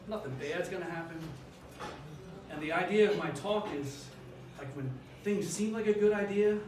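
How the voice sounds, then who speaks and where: Older man telling a story on stage. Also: fairly high pitch. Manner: self-deprecating, conversational. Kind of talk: live storytelling. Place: live event hall with audience. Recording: echoey hall, distant mic, noisy.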